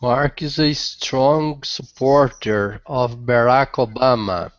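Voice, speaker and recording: A woman student reading a sentence aloud slowly and carefully in an online English class. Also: very deep voice, dry recording. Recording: dull lo-fi video call audio.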